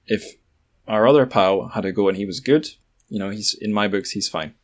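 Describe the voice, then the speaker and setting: Scottish male co-host, deep voice, relaxed chat, wry asides. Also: moderate pace. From Scotland. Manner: chatty, joking asides. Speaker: podcast co-host. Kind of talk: casual chat.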